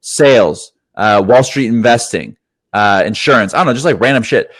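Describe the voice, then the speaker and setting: A young man co-hosting a casual podcast, talking excitedly and swearing often, with "dude" in every other sentence. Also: mid-range voice, moderate pace. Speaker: podcast co-host.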